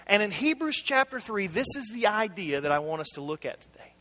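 With a high, bright, forceful voice, a middle-aged pastor preaches a conversational sermon packed with anecdotes, speaking straight to his congregation. He is very animated and a little fast, and the hall adds reverb.

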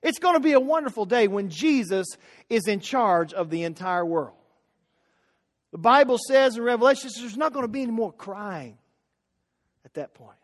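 A man preaching an impassioned sermon as a pastor, dropping to a hush and rising to shouts. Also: very high voice, expressive, brisk, big-room sound.

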